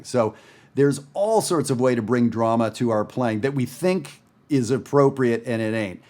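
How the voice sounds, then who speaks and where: A jazz educator from the Northern Virginia area leads a casual guided listening lesson while a jazz record plays in the background. His medium-pitched voice has a somewhat dark tone, and he's chatty and enthusiastic, using frequent fillers.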